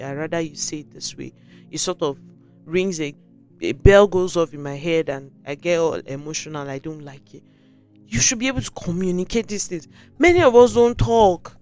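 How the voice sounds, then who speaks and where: A Nigerian woman hosting a podcast, giving relationship advice in an animated way and acting out sample conversations. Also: lowish voice, clean tone. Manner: animated, acts out sample dialogue, mixes in pidgin. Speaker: podcast host.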